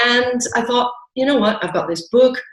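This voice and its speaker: A woman's voice: a little high, normal speed, reverberant, poor audio. A woman from New York who has lived long in the UK, talking in a chatty way as an interview guest on a video call. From New York, raised partly in the US and then the UK. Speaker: interview guest, author and coach.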